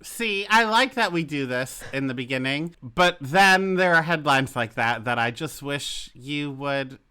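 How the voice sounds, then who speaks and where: A young woman with a strikingly low voice and a bright, forceful edge co-hosts a casual podcast. She is chatty and teasing and drops quick asides. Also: expressive, clear, resonant tone. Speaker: podcast co-host. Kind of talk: casual chat.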